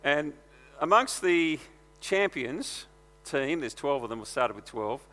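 A man's voice: fairly high pitch, expressive, slow, pushed and bright, long reverb tail, faint music behind. A man preaching a sermon in a conversational, earnest way, mixing personal stories into his teaching.

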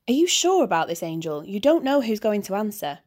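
A woman's voice: medium pitch, sing-song, fairly quick, a little mellow. A woman voicing a laid-back male demon who talks in a dry, teasing, mocking way. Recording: background hiss.

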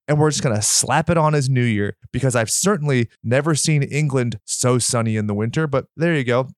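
A man co-hosting a casual movie review chat, swearing freely and joking in animated asides. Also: mid-range voice, moderate pace, few pauses, no room sound, clean studio sound. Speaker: podcast co-host.

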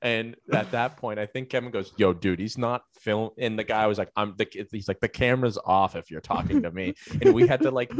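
A man with a somewhat low voice co-hosts a casual podcast chat. He rambles through his stories with plenty of fillers and restarts. His voice is recorded dry and close. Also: sing-song, brisk, few pauses, no echo. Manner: rambling storyteller with many fillers, laughs while telling. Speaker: podcast co-host.

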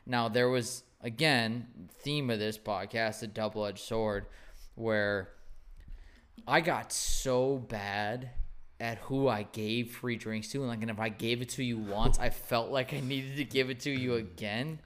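A young man hosting a podcast, telling animated stories in casual chat and swearing freely. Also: medium pitch, unhurried. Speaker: podcast host, former bartender.

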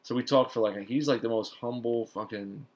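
A man's voice: medium pitch, a little fast. A man from Philadelphia, a guest rapper telling stories in casual, swearing podcast chat. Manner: swearing, storytelling, animated.

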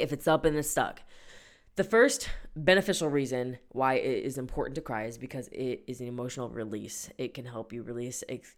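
A young woman hosting a solo podcast, talking casually and playfully, often laughing and dropping slang. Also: a bass voice. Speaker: podcast host.

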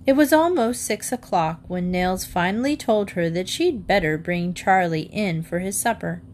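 A woman reading a children's book aloud, in an expressive storytelling manner. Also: lowish voice, normal speed, slight background noise. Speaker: narrator.

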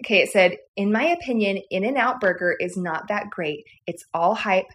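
A woman's voice: mid-range voice, expressive, normal speed, fairly bright tone, a little hiss or hum. A middle-aged woman co-hosting a casual podcast chat, talkative and laughing often, acting out quotes as she tells stories. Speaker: podcast co-host.

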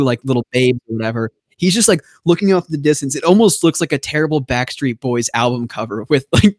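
Male podcast co-host, chatty and joking, mid-range pitch, dry and close. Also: no room sound. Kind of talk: casual movie discussion.

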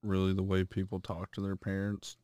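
A man's voice: deep voice, monotone, a little fast, a little mellow, clean tone, dry recording, clean studio sound. A young man co-hosting a podcast, joking crudely in casual chat. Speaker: podcast co-host.

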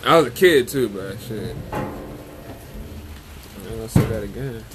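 A man's voice: fairly low pitch, expressive, normal speed, noisy background. Blunt man telling profane stories. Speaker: podcast host. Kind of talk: casual podcast chat.

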